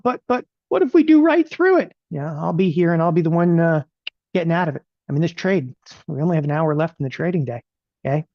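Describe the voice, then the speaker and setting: A man teaching options trading in a live webinar. He talks in an animated, rapid-fire way and keeps asking "okay?" after every point. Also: on the high side, dry recording, lo-fi sound.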